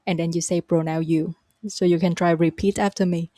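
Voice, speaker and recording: A woman with a Vietnamese accent teaching her native language, modelling phrases slowly and carefully for learners to repeat. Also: lowish voice, little pitch movement, warm tone, dry recording, studio quality. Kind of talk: spoken language lesson.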